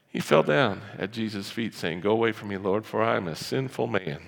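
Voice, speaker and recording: In a large church hall, a pastor with a lowish, creaky voice preaches quickly with hardly any pauses. He's animated and conversational, acting out the voices of the people in the Bible story.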